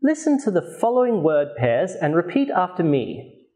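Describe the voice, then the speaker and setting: A pronunciation teacher with a high, sing-song, mellow voice presents a scripted English lesson. He speaks slowly, carefully and with clear articulation, modelling words for learners to repeat.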